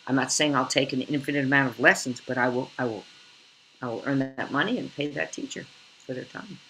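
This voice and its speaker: An older woman, an actress, telling stories in an animated, theatrical way over a video call. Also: rumbling low, a little fast, low-quality recording. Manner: theatrical, expressive, slips into character voices. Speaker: actress guest. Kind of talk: animated interview storytelling.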